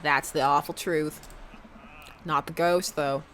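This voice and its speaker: A woman's voice: deep voice, fairly even intonation, slow, a bit bright, pitched below the performer's own voice. A woman voicing a burly, easygoing male dad, a competitive contractor, in a put-on fake Southern accent with a teasing, folksy drawl. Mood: laid-back.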